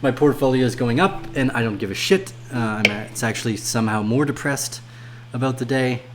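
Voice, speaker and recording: Guy on a trading livestream reading chat, swears a ton, mid pitch, rants then mumbles, faint hum behind. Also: brisk. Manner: swears freely, ranting at chat, swings from low mumbling to loud outbursts. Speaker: crypto trading livestream host. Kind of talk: casual livestream chat to viewers.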